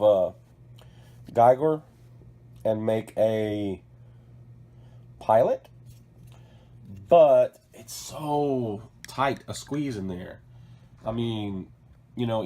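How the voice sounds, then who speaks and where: A man's voice: mid-range voice, a little mellow. A man with a cough, sick, hosting a casual hobby vlog from his work table, rambling and correcting himself as he shows off models. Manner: rambling, self-correcting, apologetic. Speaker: hobby channel host.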